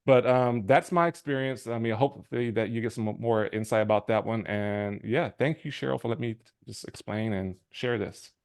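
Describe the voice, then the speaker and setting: A man sharing a casual testimonial on a call, talking in a relaxed, halting way with the odd chuckle. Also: mid-range voice, smooth. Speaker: guest giving a testimonial.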